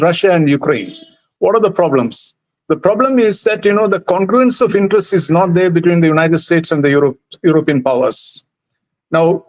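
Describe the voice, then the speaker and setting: A man speaking as a guest commentator in a panel discussion, thoughtful and measured, with frequent restarts. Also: sits high, poor audio.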